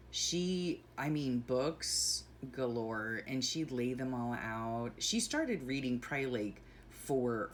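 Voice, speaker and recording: A woman's voice: a bass voice, slight background noise. A middle-aged woman vlogging casually while packing, sentimental and gushing, rambling with self-correcting asides.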